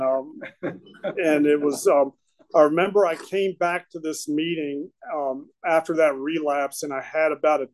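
Man, adult, slightly high voice, halting testimony with lots of ums and restarts. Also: darkish tone, rough recording. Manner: halting, full of fillers and restarts. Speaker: speaker sharing recovery story. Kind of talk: personal testimony at a recovery meeting.

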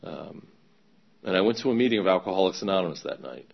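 A man candidly telling his own recovery story in a conversational testimony, pausing often. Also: low-pitched, expressive, gravelly, dull audio. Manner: candid, conversational, many fillers and pauses. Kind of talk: personal testimony talk.

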